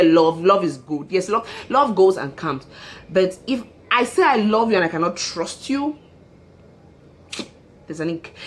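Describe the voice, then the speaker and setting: A woman hosting her own show, giving relationship advice in an emphatic monologue and repeating her key phrases. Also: on the low side.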